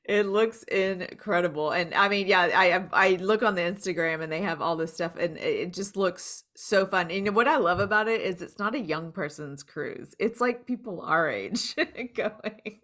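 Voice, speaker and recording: A woman's voice: on the low side, moderate pace, hardly any pauses, a bit bright. A woman co-hosting a podcast in a casual chat, talking freely and laughing often between sentences. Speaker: podcast co-host.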